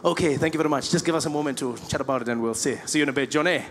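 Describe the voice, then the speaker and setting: A man doing a loud, gleeful bossy diner. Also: fairly high pitch, rapid-fire, slight background noise, lightly acted. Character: gleeful black male restaurant diner.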